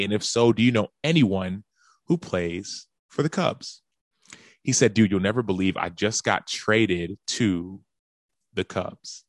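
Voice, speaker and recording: A man telling a story on a podcast, acting out the phone calls he describes and lifting his voice into them with excitement. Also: on the low side, unhurried, pauses often, no room sound. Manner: animated storyteller who acts out quoted phone calls in a raised voice. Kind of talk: storytelling monologue.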